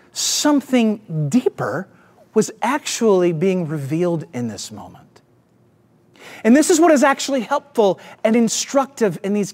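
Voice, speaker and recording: A pastor with a Southern US accent, preaching and telling a self-deprecating story to his church. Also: extremely high pitch. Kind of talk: sermon.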